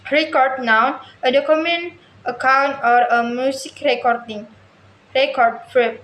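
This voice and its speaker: Slow high-voiced woman reading a lesson. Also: fairly bright tone. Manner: slow careful reading with frequent stumbles and restarts. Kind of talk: reading a lesson text aloud. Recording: echoey room with faint ambient noise.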